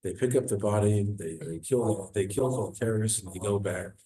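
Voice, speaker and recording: Rabbi, male, low mellow voice; earnest sermon storyteller, goes soft and quiet at grief. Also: moderate pace. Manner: earnest, retells dramatic quotes, voice drops low and soft at sad moments. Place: synagogue.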